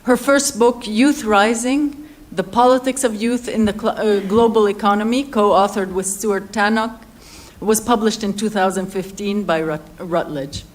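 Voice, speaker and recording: A woman's voice: mid-range voice, steady tone. A woman chairing a university panel, introducing the next speaker with frequent hesitations. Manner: hesitant, many "uh" pauses. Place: lecture hall.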